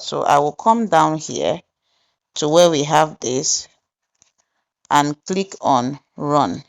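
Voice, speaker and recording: A woman hosting a software tutorial, explaining each step deliberately and pausing with fillers as she goes. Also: low voice, creaky. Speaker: tutorial host. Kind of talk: screen-recorded software tutorial narration.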